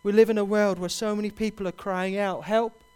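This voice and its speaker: A man preaching a sermon, building to loud, impassioned repeated cries. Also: high-pitched, little pitch movement, fast, smooth.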